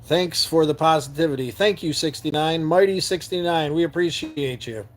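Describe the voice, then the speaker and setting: A man from New York State hosts a live stream from a camper van, answering viewer comments in an earnest, heartfelt way. His voice is fairly high and his pace normal, and he often repeats words while searching for them.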